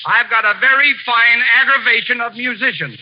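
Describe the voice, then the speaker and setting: A man, a guest bandleader in a 1940s radio comedy, talking gruff and blunt. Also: extremely high pitch, fairly quick. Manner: gruff, blunt, mangles words. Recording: dull old radio broadcast.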